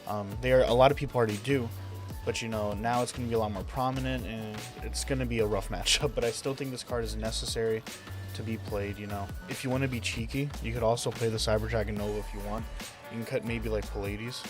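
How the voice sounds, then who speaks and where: A man's voice: fairly low pitch, fairly even intonation, quick pace, music in the background. A young man casually talking through a card game deck, enthusiastic and rambling with lots of fillers. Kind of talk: casual deck profile commentary.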